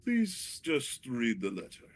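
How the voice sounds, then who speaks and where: A man voicing a well-dressed male lawyer who makes calm, courteous requests. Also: mid-range voice, takes it slowly, heavily acted. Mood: polite.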